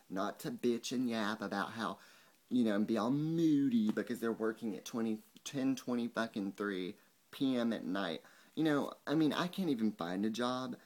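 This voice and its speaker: Young male vlogger, lowish voice, angry profane rant to camera. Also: a little mellow. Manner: profane, fast ranting with mocking quotes.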